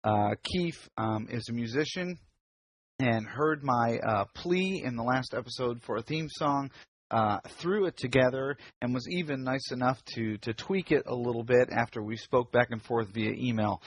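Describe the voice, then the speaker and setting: A man hosting a casual podcast, his voice a little husky and rough at the edges. He talks in a friendly, rambling way, full of ums and restarts, recorded on his computer mic during a video call. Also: mid-range voice, moderate pace. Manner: chatty, many fillers and restarts. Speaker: podcast host.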